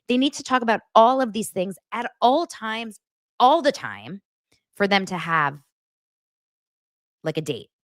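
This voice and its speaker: Woman podcaster, gossipy recap, sarcastic, low-pitched, very animated, dry room. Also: dry recording. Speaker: podcast host recapping reality TV. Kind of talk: casual chat.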